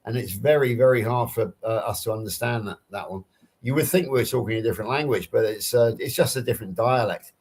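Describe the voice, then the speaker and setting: An Englishman from England with a Southern English accent chats casually on a live stream video call, using personal anecdotes to explain things. His voice is medium-pitched, fast, a little mellow and slightly rough.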